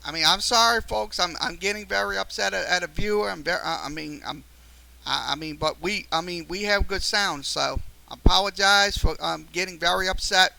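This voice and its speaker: A high-pitched man with a gravelly edge hosts a live-streamed sports talk show into a studio mic. He rambles through fillers and restarts, and his tone turns tense and sharp as a viewer frustrates him. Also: brisk, poor audio. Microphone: studio mic through a mixer.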